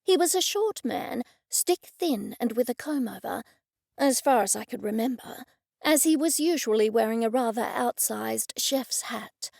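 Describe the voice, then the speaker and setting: A woman narrating a cozy mystery audiobook in first person, wry and even. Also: on the high side, moderate pace, gravelly, no room sound, clean studio sound.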